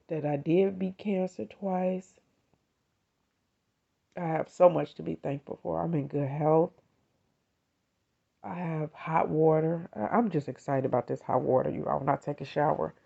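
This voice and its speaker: A woman's voice: sits low, vocal fry, warm tone, highs cut off. A middle-aged woman hosting a podcast, talking heartfelt and conversationally about faith and gratitude. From United States. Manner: heartfelt, conversational, addresses listeners as "you all". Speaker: podcast host. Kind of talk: personal faith talk.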